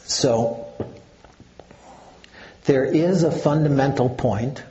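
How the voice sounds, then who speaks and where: Older Zen teacher, dark mellow voice, unhurried and halting delivery. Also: male voice, medium pitch, lo-fi sound, slight background noise. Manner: slow, halting, with many fillers. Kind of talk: dharma talk.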